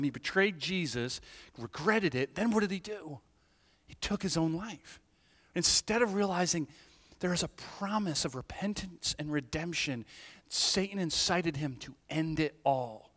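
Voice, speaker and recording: Pastor, male, sermon delivery; fairly high voice, animated hushed-to-emphatic swings, stumbling restarts, long hall reverb.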